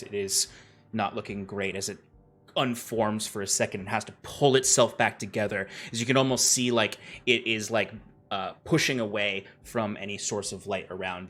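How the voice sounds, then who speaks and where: A man's voice: fairly low pitch, fairly bright tone. A man narrating as game master of a tabletop game, describing the action in a loose, rambling way. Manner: descriptive and loose, with many fillers and restarts.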